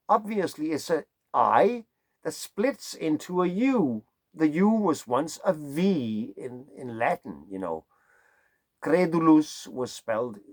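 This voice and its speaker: A man's voice: on the high side, dry recording. A man from Denmark with a Danish accent, a songwriter musing in a rambling, digressive way and playing with vowel sounds. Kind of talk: casual musing monologue.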